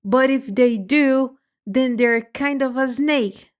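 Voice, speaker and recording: A woman voicing a shrill, angry mother pigeon guarding her eggs in a storybook reading, with a screechy, accusing voice. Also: takes it slowly, smooth.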